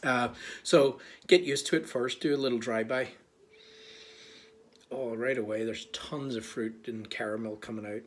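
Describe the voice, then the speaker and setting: A man's voice: mid-range voice, normal speed. A man with an Irish accent hosting a whiskey tasting, talking casually and joking as he explains. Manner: chatty, joking, relaxed. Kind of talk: casual instructional talk. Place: small bar.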